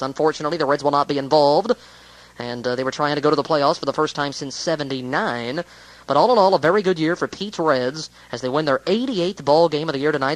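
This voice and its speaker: A man's voice: mid-range voice, low-quality recording. A man giving a casual, rambling spoken recap of a baseball game, with many hesitations.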